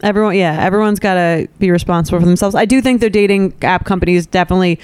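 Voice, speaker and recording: Smooth-voiced podcast co-host, easygoing chat. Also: medium pitch, fast, a little mellow. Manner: easygoing, with many fillers like "like".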